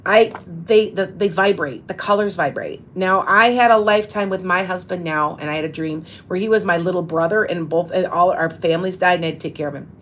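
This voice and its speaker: A psychic medium in her fifties hosts a casual live-stream show, talking fairly quickly in a lowish voice with few pauses. She rambles and restarts often. The recording is rough, with slight background noise.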